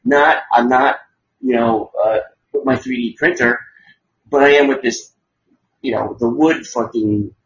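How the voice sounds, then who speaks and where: A man's voice: medium pitch, fairly even intonation, a little slow, a little hiss or hum. A man hosts a loose podcast chat in a mid-range voice, rambling and sarcastic with plenty of swearing. The audio is dull and lo-fi. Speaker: podcast host. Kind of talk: casual crude chat.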